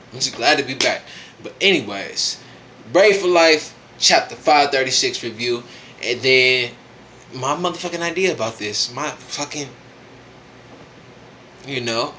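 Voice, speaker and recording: A man who is high and tipsy, reviewing a manga chapter in a casual, profane vlog full of slang and laughing asides. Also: pushed and bright, slight background noise.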